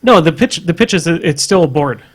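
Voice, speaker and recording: A man's voice: fairly high pitch, animated, normal speed, slightly rough. A man co-hosting a casual gaming podcast, reading listener questions with easy laughs and frequent restarts. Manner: laid-back, laughs often, restarts mid-sentence.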